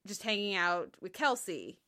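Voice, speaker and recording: A woman hosting a TV podcast, working through her analysis in a relaxed, chatty way. She leans on fillers and restarts and laughs now and then. Her voice sits at a middle pitch for a woman. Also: unhurried. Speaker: podcast co-host. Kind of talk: casual chat.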